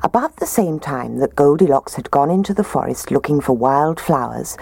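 A woman reading a children's fairy tale aloud in an expressive storybook manner. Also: deep voice, moderate pace, vocal fry, slightly rough, no echo. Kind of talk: scripted narration of a children's story.

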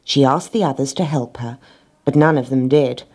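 A woman narrating a children's storybook in a gentle, expressive reading. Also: extremely low pitch, normal speed, breathy edge.

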